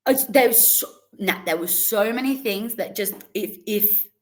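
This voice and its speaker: A woman's voice: mid-range voice, moderate pace. A young adult woman, a podcast guest, chatting casually and telling stories with frequent laughs. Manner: chatty storytelling, laughs often. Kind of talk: casual interview chat.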